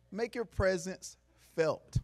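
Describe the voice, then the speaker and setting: A man giving a motivational talk to a live audience in a room, preachy, asking the crowd questions, going from quiet to loud. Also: high voice. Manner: preachy, call-and-response, swings from soft to loud. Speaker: motivational speaker.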